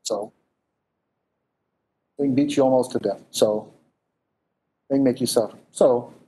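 Male preacher, mellow and warm tone, lively conversational sermon delivery with rhetorical questions. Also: mid-range voice, measured pace.

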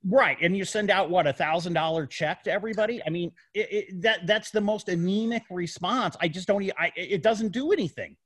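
A man's voice: high voice, a little fast, hardly any pauses, a bit bright, no echo. Emphatic man, dry close sound. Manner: emphatic, repeats words, asks rhetorical questions. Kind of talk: casual podcast discussion.

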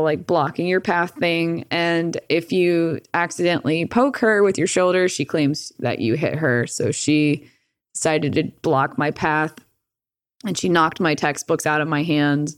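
Young woman, lowish voice, dry close sound, loose profane storyteller. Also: measured pace, clean tone, no room sound. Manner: profane, filler-heavy with "like"; animated retelling with laughs. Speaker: streamer guest. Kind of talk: casual storytelling.

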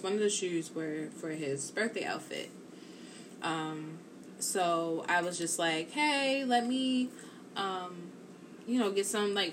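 A woman hosting a live stream, telling a rambling, animated story to her viewers and peppering it with "like" and "or whatever.". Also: fairly low pitch, a little hiss or hum.

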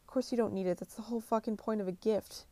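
A woman's voice: medium pitch, steady tone, quick pace, warm tone, dry recording. Brief: young woman, brash no-nonsense motivator, heavy swearing, dry close sound. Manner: blunt, swears constantly, pushy pep talk. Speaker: motivational speaker. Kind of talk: profane motivational monologue.

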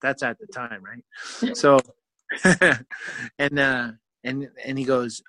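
A man telling a self-mocking personal story in an animated way, with frequent fillers. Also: medium pitch, measured pace, pauses often, dry recording. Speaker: guest storyteller.

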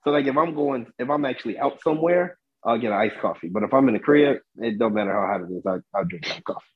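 A man's voice: mid-range voice, animated, fast talker, slightly rough. A man joking around in casual podcast chat, swearing freely, heard over a tinny line. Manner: joking, profane. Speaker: podcast co-host.

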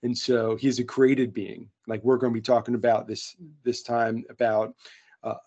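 A man's voice: mid-range voice, level tone, normal speed, mellow, breathy edge. Earnest man on a lo-fi podcast. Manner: earnest, friendly, lots of fillers and restarts. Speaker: podcast co-host. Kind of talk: casual conversational podcast. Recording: dull lo-fi sound.

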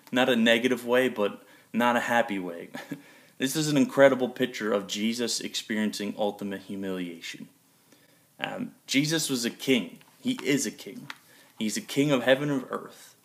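Earnest man preaching, lowish voice. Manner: conversational, earnest preaching with fillers. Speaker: pastor. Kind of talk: sermon.

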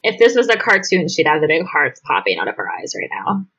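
Woman, podcast co-host, blunt, exasperated, swears freely, husky voice, muffled lo-fi audio. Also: low-pitched, very animated, brisk, fairly bright tone. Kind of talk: casual chat.

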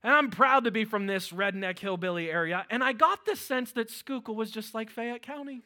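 Pittsburgh-accented male preacher, high and bright, full of energy from the pulpit. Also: normal speed. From Western Pennsylvania. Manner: energetic preaching with shouted exclamations. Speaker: pastor. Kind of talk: sermon.

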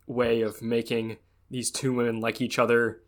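A man's voice: medium pitch, moderate pace. Casual young man chatting about games. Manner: animated, acts out game dialogue in raised voices. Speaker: podcast co-host. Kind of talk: casual chat.

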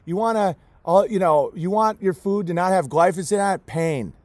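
High-voiced man in an emotional rant. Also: moderate pace. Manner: emotional, emphatic, repeats key words. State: close to tears. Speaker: homesteader raising goats and chickens. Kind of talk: impassioned vlog rant.

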